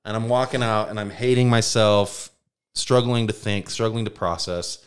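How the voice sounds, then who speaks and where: A man with a low, smooth voice co-hosts a podcast and spins a long story in easy, casual chat. He keeps it lively, swears now and then, and acts out what other people said. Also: moderate pace. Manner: animated anecdote teller, mimics voices, swears. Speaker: podcast co-host.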